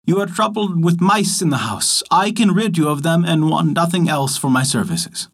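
A man's voice: a little high, normal speed, slightly rough, pitched above the performer's own voice. A man voicing a sly, peevish female cat in a storybook tale, speaking primly. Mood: scheming.

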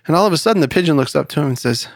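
A man's voice: fairly high pitch, expressive, rapid-fire, no room sound, clean studio sound. Easygoing man hosting a Bible study chat. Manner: easygoing, rambling storyteller. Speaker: podcast host leading a Bible study. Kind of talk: casual chat and joke telling.

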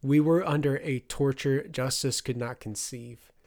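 A man's voice: mid-range voice, measured pace, a little mellow, close to an everyday voice. A man voicing a determined young peasant woman who pleads urgently with raised voice. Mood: impassioned.

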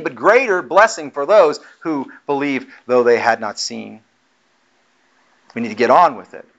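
A man preaching a sermon as pastor, moving from quiet explanation to loud, urgent exhortation. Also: on the high side. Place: church.

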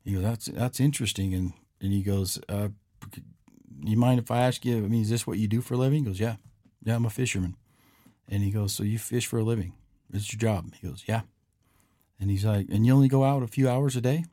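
Speaking with a lowish, warm voice, a little fast and fairly even in intonation, a man hosting a podcast spins a folksy parable. He voices both sides himself, saying "he goes" over and over, and the studio sound is clean with no room echo.

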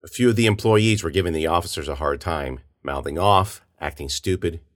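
A man narrating a story in a steady storytelling manner, giving characters their own voices. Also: deep voice, a little fast. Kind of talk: audiobook narration.

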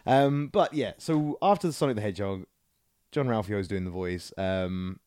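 A man co-hosting a casual podcast, animated, laughing often and restarting his sentences. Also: fairly low pitch, moderate pace, clear, resonant tone, no echo. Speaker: podcast co-host. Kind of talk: casual chat.

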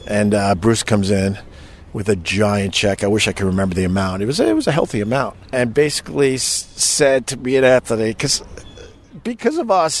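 A middle-aged man hosting a podcast, telling an old radio story in a profane, emotional, animated way. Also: medium pitch. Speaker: podcast host and former radio host. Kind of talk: casual storytelling.

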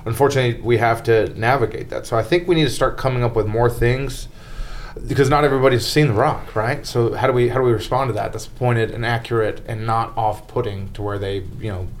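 A man's voice: mid-range voice, fairly even intonation, quick pace, a little hiss or hum. A man co-hosting a podcast in casual chat, blunt, profane and joking. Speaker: podcast co-host.

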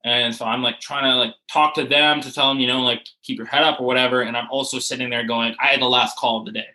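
A young man in casual conversation, his voice bright and forward. He rambles through a story with lots of "like" and swearing, acting out every quoted line. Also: mid-range voice, quick pace, low-quality recording. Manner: animated, swearing, many "like" fillers, acts out quotes. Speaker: rugby player, guest.

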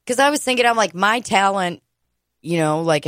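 A woman's voice: mid-range voice, animated, normal speed, a bit bright, no echo, studio quality. A woman co-hosting a casual comedy podcast, joking crudely and swearing often. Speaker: podcast co-host. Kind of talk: casual chat.

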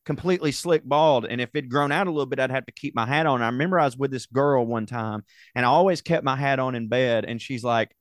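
A man's voice: medium pitch, fast talker, few pauses, dry recording. Profane storytelling man, dry close mic. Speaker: podcast co-host. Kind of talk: casual comedic chat.

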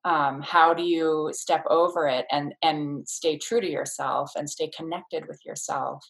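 A woman with a notably low voice speaks as a childbirth educator in a relaxed interview. She explains her ideas thoughtfully and circles back with fillers and restarts as she goes. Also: a little slow, vocal fry, low-quality recording. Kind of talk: casual interview conversation.

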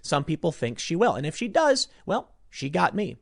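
A man delivering opinionated commentary, sarcastic and mocking, swinging between loud outbursts and muttered asides. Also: fairly high pitch, sing-song, normal speed, creaky, no echo, clean studio sound.

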